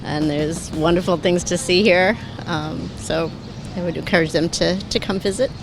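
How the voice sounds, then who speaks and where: Low-voiced woman in a street interview. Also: fairly even intonation, moderate pace, vocal fry, background noise. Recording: music under street interview.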